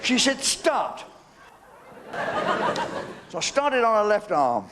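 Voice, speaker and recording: Male comic, slightly high, cheeky patter, noisy stage recording. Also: very animated, brisk, a loud crowd. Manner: cheeky storytelling with asides to the audience. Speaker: stand-up comedian. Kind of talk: live stand-up routine. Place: live show venue.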